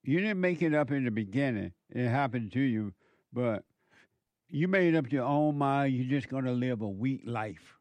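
A man giving a preachy political commentary monologue, slow and emphatic, exhorting his listeners. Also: medium pitch, lively intonation, darkish tone, no room sound.

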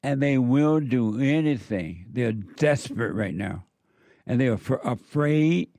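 A man's voice: medium pitch, expressive, slow pace, gravelly, warm tone. A man speaks straight to his audience in a mid-range voice, pressing his warnings again and again. His delivery is emphatic and repetitive. The recording is dry and close, with no room echo. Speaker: political commentator. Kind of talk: opinion monologue.

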